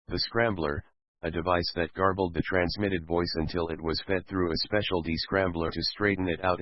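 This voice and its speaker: A man reading a fan fiction story aloud in a steady, plain manner. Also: low-pitched, dry recording. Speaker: narrator. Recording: dull lo-fi recording.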